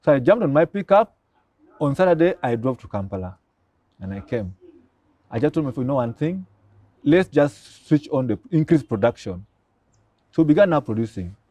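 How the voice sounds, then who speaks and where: An older man with a Ugandan accent, a pharmacy professor guest telling stories excitably and acting out the dialogue. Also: mid-range voice, moderate pace, pauses often, no echo. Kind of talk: animated storytelling.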